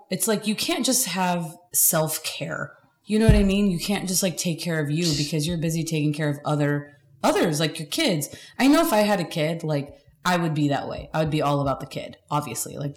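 A woman co-hosting a casual chat podcast, animated and playful, breaking into sung bits. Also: sits low, reverberant. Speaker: podcast co-host.

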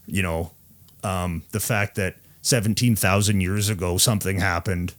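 A man co-hosting a casual podcast, blunt and animated, swearing heavily as he rants. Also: sits low, moderate pace. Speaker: podcast co-host.

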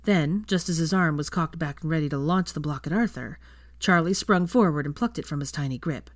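A woman reading fan fiction aloud as steady audiobook narration. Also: sits low, brisk, dry recording, studio quality.

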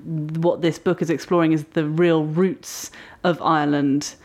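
A woman's voice: deep voice, flat delivery, unhurried, a little mellow. An English woman co-hosting a podcast, chatting thoughtfully and enthusiastically about a book. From England. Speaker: podcast co-host. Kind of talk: casual podcast chat.

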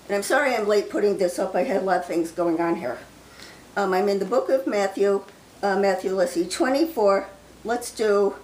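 A woman hosting her ministry channel, slowly reading scripture and prophecy aloud, with chatty, hesitant asides in between. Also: mid-range voice, darkish tone. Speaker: ministry host sharing prophecy. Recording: roomy echo.

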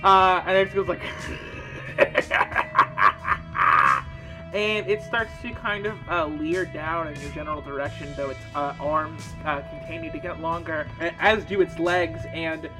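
A man's voice: on the high side, fairly even intonation, normal speed, few pauses, music in the background. A man narrating as game master in a casual, filler-heavy way. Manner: casual, many fillers, describes scenes.

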